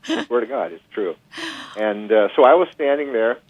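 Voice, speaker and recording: Animated man telling stories over a phone line. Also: medium pitch, moderate pace, dry recording. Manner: animated storyteller, lots of restarts and asides. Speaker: guest musician. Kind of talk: casual anecdote-telling interview. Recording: dry tinny phone line.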